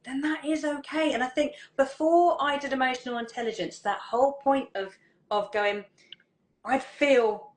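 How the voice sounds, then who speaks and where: A woman hosting as a parenting coach, talking in a relaxed, halting way with frequent restarts and repeated words. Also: high voice. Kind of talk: casual conversational chat.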